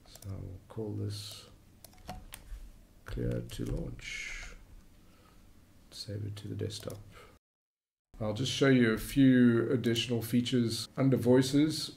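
A man hosting a screen-recorded software tutorial, explaining in a relaxed way with frequent fillers. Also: fairly low pitch, vocal fry, slight background noise. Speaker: YouTube tutorial host.

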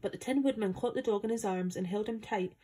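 A woman from Scotland reading a children's story aloud with steady, plain storytelling. Her voice is mellow and dark, with a breathy, husky grain. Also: mid-range voice, fast. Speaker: volunteer reader.

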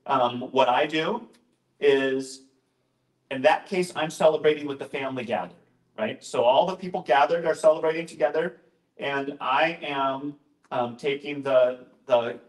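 A male pastor giving an informal, conversational talk, often interrupting himself with asides and jokes. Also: a little high. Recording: roomy echoing room.

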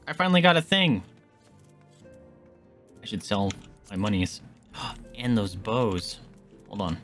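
A man streaming a game, chatting casually and reacting to what happens. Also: mid-range voice. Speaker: gaming streamer. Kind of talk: casual let's play commentary.

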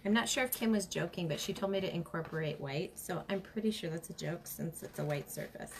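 A woman's voice: fairly low pitch, brisk, vocal fry, slight background noise. A woman hosting a casual craft demonstration, chatting and greeting viewers by name as she works. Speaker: craft livestream host.

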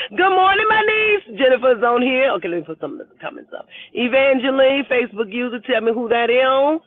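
A woman's voice: fairly high pitch, moderate pace, dry recording. A woman hosting a casual live stream, greeting viewers one by one by name and laughing often while urging them to vote. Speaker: livestream host. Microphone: phone camera held at arm's length. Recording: tinny phone-like audio.

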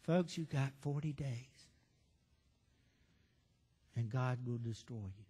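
A man's voice: high voice, expressive, a little slow, a bit bright, full character voice. A preacher acting out a bitter, resentful male prophet in a sermon story, with a grudging, resentful delivery. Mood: sullen mutter. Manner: grudging mutter, then furious ranting. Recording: reverberant church hall.

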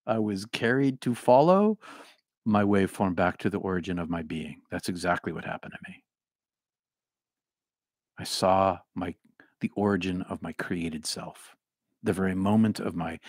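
Lively middle-aged man with faint Boston accent. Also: on the low side, dry recording, clean studio sound. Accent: Boston, mostly trained out. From Boston area. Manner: animated, rambling, repeats words and restarts. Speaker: host reading viewer comments. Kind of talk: casual livestream talk.

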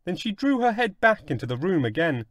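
A male narrator giving an expressive, dramatic reading of a classic story. His voice sits fairly high for a man and rises and falls widely. The recording is dry and close, with no room echo. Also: fairly quick. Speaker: audiobook narrator.

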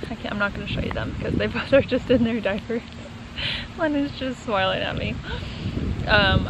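A young adult woman, a vlogger and mom, chatting casually into a handheld phone camera with lots of "like" and "um". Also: mid-range voice. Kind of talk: casual vlog chat. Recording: loud background noise.

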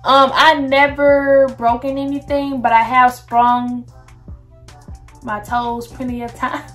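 A woman's voice: fairly high pitch, level tone, takes it slowly, fairly bright tone, soft background music. A young woman, chatting casually to her viewers in a get-to-know-me vlog. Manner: chatty, addresses viewers as "y'all". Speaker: vlogger.

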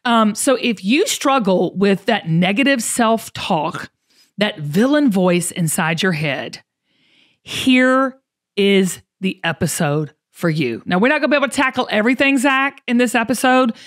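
A woman's voice: mid-range voice, lively intonation, a little slow. Folksy woman podcast host. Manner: folksy, emphatic, repeats herself. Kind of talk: casual podcast talk.

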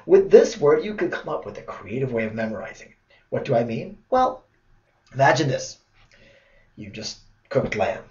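Playful male tutor in a roomy, lo-fi recording. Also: mid-range voice. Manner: playful storytelling, animated asides. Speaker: test prep tutor. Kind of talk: video lesson. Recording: roomy, dull lo-fi sound.

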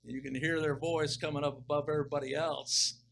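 A middle-aged man preaching, reading scripture slowly and deliberately, then commenting with emphatic swells. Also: on the high side, little pitch movement, creaky, fairly bright tone, a little hiss or hum, poor audio. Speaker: pastor. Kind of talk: expository sermon reading and explaining scripture.

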